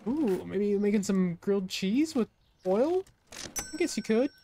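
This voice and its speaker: A woman's voice: mid-range voice, lively intonation, a little slow, dark tone, a little hiss or hum. A woman streamer giving casual let's-play commentary, cracking jokes and talking to the customers in the game. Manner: joking, chatty asides to game customers. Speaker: gaming streamer.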